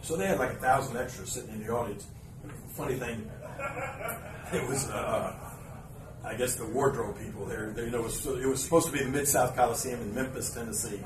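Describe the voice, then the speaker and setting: A man hosting a podcast in front of live fans, telling an anecdote in an animated way and chuckling as he acts out the scenes. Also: mid-range voice, fairly quick. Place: live event room with an audience. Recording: roomy, distant live recording with ambient noise.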